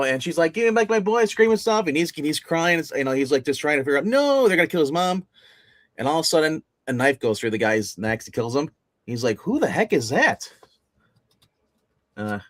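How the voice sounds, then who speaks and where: A man on a casual comic review livestream, talking with lots of fillers and restarts and getting animated as he retells scenes. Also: a little high, no echo. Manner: rambling, many fillers and restarts. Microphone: phone.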